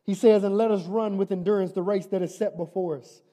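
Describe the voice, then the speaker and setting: A man's voice: sits high, fairly even intonation, brisk, warm tone. A man preaching a sermon as pastor, conversational and humorous, asking the congregation questions and building to emphatic repeated lines.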